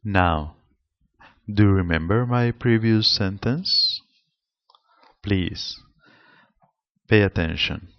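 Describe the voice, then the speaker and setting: A male lecturer from Spain speaks slowly in fairly low, Spanish-accented tones, giving a deliberate, explanatory seminar lecture on pronunciation. The recording has a slightly dull lo-fi sound with no echo.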